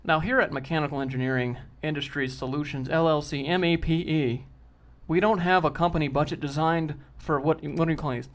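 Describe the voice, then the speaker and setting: A man's voice: on the high side, fairly even intonation, brisk, lightly acted. A man voicing a pompous, penny-pinching middle-aged corporate boss. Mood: smug.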